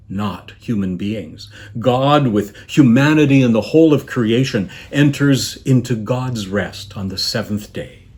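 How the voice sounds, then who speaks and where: A man, a bishop, preaching a sermon in a measured, reflective way, pausing often and letting phrases trail off softly. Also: on the low side.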